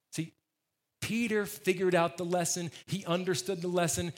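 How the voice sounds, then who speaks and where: A man's voice: sits high, moderate pace. A man preaching a sermon as the church's pastor, emphatic and conversational, repeating phrases for stress.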